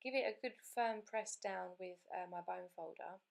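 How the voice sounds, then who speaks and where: A woman's voice: fairly low pitch, moderate pace, creaky. A woman hosting a card-making channel, talking through a crafting tutorial voice-over in a chatty way and explaining each step as she goes.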